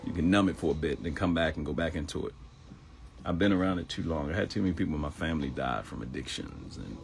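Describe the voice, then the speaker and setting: Deep gravelly animated man, talk show host. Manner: animated preacher-like, switching into mock voices for quotes. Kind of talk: live self-help talk show monologue.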